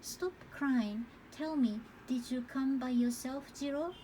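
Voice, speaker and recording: A woman voicing a kindly but sharp-tongued old grandmother who fusses and scolds gently. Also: high-pitched, slow, slight background noise, rough recording. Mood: soothing.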